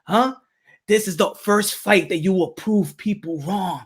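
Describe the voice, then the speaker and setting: A high-voiced man delivers a boxing pep talk with a preacher's insistence. He repeats himself for emphasis. At times he rises to a shout. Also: unhurried, slightly rough. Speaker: boxing commentator and channel host. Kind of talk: animated monologue skit.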